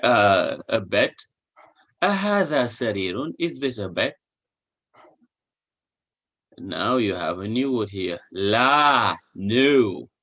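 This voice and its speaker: A man's voice: lowish voice, bright, forceful tone. A man teaching a recorded language lesson, explaining patiently, repeating each example and checking understanding with a questioning "hmm?". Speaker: Arabic teacher.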